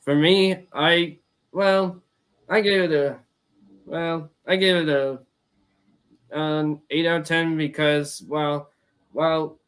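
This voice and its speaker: Young adult man, casual host, halting delivery with lots of restarts. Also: mid-range voice, fairly bright tone. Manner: halting, many restarts and repeated words. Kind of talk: casual roundtable chat.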